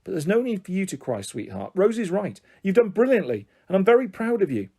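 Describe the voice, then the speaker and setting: A man voicing a firm but caring middle-aged father calming his daughters. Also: sits high, a little fast, vocal fry, husky, pitched above the performer's own voice, full character voice. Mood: coaxing.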